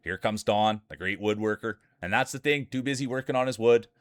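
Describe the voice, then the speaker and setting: He's a Canadian from Saskatchewan, streaming live and announcing marble races with excited, hyped banter for the chat. The fairly low voice comes at a brisk clip, recorded at studio quality with no echo.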